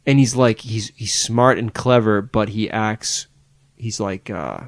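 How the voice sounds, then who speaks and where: A man's voice: fairly low pitch, unhurried, no echo, studio quality. A man co-hosting a podcast in casual chat, rambling and searching for words with many restarts. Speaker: podcast co-host.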